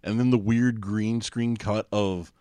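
A man co-hosting a casual movie podcast with a rather low voice. He moves the discussion along point by point, working from his notes. The recording is dry and close. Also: steady tone, a little slow, mellow, smooth, dry recording. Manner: steers the talk, brings up points from his notes. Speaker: podcast co-host. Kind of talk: casual movie-review chat.

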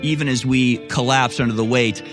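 Male radio host, indignant, emphatic, mid-pitched voice, political talk show. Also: steady tone, brisk, over music. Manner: indignant, quotes and rebuts, emphatic.

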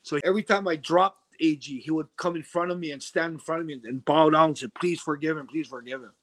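A middle-aged man spins a story in a relaxed interview, slipping into other people's voices as he goes. His voice sits a little high. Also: fast talker. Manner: animated storyteller, acts out quoted voices. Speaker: interview guest.

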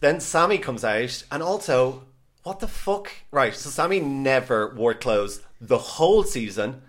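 A man's voice: mid-range voice, animated. A man co-hosting a podcast, chatting casually and gossiping about a reality show. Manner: chatty, gossipy, quick asides. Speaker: podcast co-host. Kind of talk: casual chat.

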